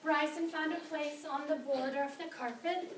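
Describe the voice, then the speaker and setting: Woman, teacher, high voice, gentle, patient, distant camera, echoey classroom. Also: fairly even intonation, moderate pace. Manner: gentle, patient, praising the children by name. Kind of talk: classroom morning meeting. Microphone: far camera. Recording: roomy, distant with background noise.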